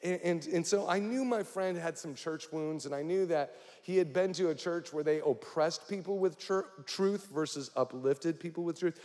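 A man's voice: on the high side, normal speed, few pauses, a little mellow. A male pastor preaching a sermon, speaking directly to the congregation with frequent questions. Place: church hall. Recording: long hall reverb.

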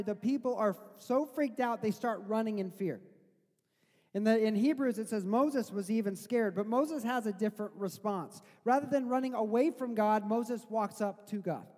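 High-voiced preacher in a reverberant hall. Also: male voice. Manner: conversational preaching that swells to loud, slow emphatic quotes. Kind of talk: sermon.

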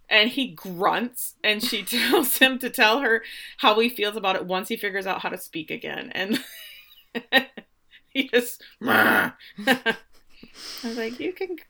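A woman's voice: medium pitch, takes it slowly, vocal fry, bright, forceful tone. A woman co-hosting a casual podcast, animatedly retelling scenes and quoting the characters. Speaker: podcast co-host. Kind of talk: casual recap chat.

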